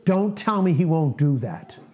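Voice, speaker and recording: An older man in his late sixties preaches informally to a small fellowship. His voice sits a little high yet sounds mellow and warm. He talks in an earnest, folksy, self-deprecating way and repeats himself. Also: very animated, unhurried. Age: 60s.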